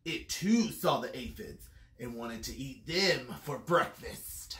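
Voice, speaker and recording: A reader telling a picture-book story aloud to children with animated, expressive delivery. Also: medium pitch, takes it slowly. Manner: animated storytelling with lively swings. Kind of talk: expressive read-aloud for kids. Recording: roomy echo.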